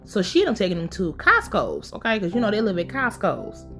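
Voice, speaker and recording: Woman, casual show-recap host, mid-pitched, foul-mouthed and opinionated, soft music bed underneath. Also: wildly swooping pitch, a little fast. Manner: blunt, profane, opinionated commentary.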